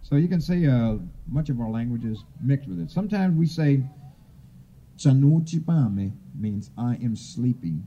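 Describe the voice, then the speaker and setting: A man from Florida giving an informal oral history talk, unhurried and rambling, with frequent hesitations. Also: mid-range voice, lively intonation, mellow. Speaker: tribal speaker. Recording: dull lo-fi recording.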